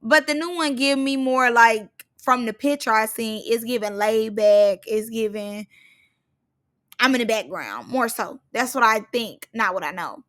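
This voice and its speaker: A woman's voice: on the high side, unhurried, a bit bright. A young woman giving a chatty, slangy recap of a reality show, acting out quotes as she goes. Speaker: reality TV reviewer. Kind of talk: casual recap commentary.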